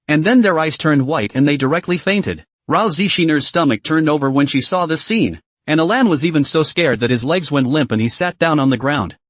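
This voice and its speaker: A man narrating a fantasy comic recap in a lively, dramatic storytelling manner. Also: fairly high pitch, no room sound.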